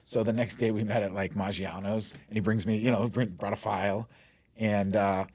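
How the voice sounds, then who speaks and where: A man's voice: on the low side, steady tone, moderate pace, darkish tone, no echo. A man in his forties from Denver, a mortgage lender guest telling stories in a rambling, casual way full of "like" and "you know". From Denver, USA. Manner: rambling, lots of "like" and "you know", laughs easily. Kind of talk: casual storytelling interview.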